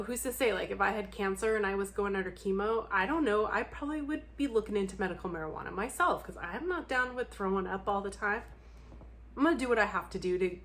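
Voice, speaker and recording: A woman's voice: medium pitch, fairly bright tone. Blunt, candid woman chatting casually. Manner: blunt, candid, laughs often, swears casually. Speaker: book vlogger. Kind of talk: casual chat to camera.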